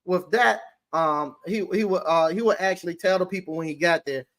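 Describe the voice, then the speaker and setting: Telling stories in a laid-back interview, this appliance repair business owner speaks with a high, somewhat bright voice. His storytelling is halting and meandering, marked by frequent restarts.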